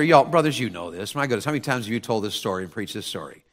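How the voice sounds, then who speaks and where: A man's voice: on the low side, expressive, racing. A man preaching a sermon in a folksy, fervent, emphatic way.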